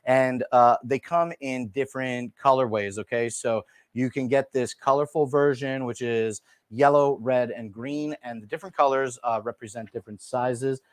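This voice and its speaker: Speaking into a desk mic in a small room, this man runs a laid-back product showcase livestream, chatting away with plenty of fillers and addressing the audience as dude and bro. His pitch is medium and his tone steady, at a normal speed with hardly any pauses. The recording is dry.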